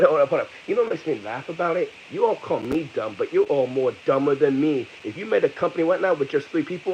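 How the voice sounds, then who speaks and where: A man's voice: medium pitch, lo-fi sound, slight background noise. Heated, profane man in his thirties. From American. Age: 30s. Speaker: vlogger. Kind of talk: angry ranting vlog.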